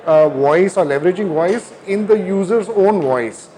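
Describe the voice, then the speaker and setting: Earnest male founder with an Indian English accent, halting delivery. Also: sits high, expressive, dark tone, slight background noise. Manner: hesitant, many fillers, earnest. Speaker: company founder, guest. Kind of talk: conference interview. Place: conference hall.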